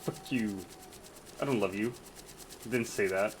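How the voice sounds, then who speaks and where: Brief: male streamer, crude joker, unhurried delivery, noisy background hum. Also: on the low side. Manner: crude, teasing, laughs often. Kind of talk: casual chat while gaming.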